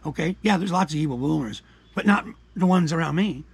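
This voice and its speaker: An older man from Canada delivers an angry opinion rant, raspy and gravelly with a fairly high-pitched voice. He swears freely and swings from low muttering to loud outbursts. The sound is dry and close. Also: brisk, dry recording. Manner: profane, combative, jumps from mutters to shouts. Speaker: commentary vlogger.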